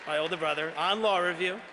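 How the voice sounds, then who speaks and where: With background noise around him, a high-voiced honoree from Queens, New York, delivers an earnest, self-deprecating acceptance speech at a gala. The setting is a large banquet hall, and the recording is echoey.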